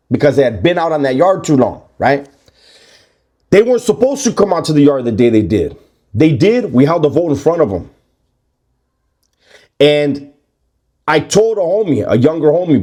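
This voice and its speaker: A man's voice: a little high, mellow. A middle-aged man, talking bluntly and confrontationally in a casual monologue. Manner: blunt, confrontational street talk. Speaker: commentator.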